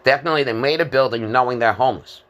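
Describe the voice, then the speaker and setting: A man's voice: mid-range voice, rapid-fire, a bit bright, highs cut off. A man in his fifties giving a rambling, disjointed monologue, hesitant, with many fillers and repeated words. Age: 50s.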